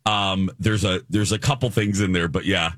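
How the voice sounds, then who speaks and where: A middle-aged man hosting a talk show, telling a story in a chatty, animated way and laughing often. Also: low-pitched, moderate pace, no echo, studio quality. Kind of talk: casual on-air storytelling.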